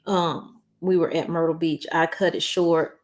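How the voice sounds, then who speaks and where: Chatty woman, lowish voice. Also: level tone, a little slow. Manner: chatty, warm-hearted, talks to viewers by name. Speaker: channel host. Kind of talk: casual news vlog chat.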